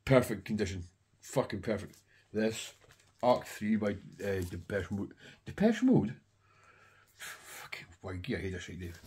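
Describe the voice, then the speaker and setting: A middle-aged man with a low voice and a deeply raspy, rough texture. He rambles enthusiastically in casual talk to the camera, swearing constantly as he goes. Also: normal speed, darkish tone. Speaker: record collector.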